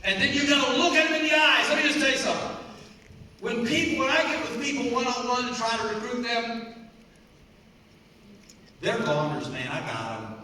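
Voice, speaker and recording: A high-pitched, bright-toned man gives a fired-up motivational speech and hammers his points home by repeating them. His voice carries through a big echoing convention hall with a long reverb tail, picked up from well away from the mic. Faint room hum sits underneath. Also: a little fast, long pauses. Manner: energetic, emphatic, repeats key points. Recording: echoey hall, voice from far off.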